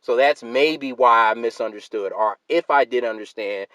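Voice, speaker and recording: A man's voice: mid-range voice, normal speed, sharp tone, no echo, poor audio. A man hosting his own channel, delivering a heated, argumentative rant to his viewers, repeating his points and addressing people as sister and fam. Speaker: YouTube channel host. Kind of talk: heated solo rant to camera.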